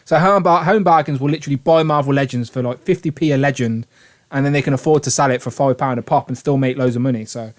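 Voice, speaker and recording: A man's voice: mid-range voice, fast. A British man hosting a casual live stream, rambling with enthusiasm and reading out viewers' names. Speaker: livestream host.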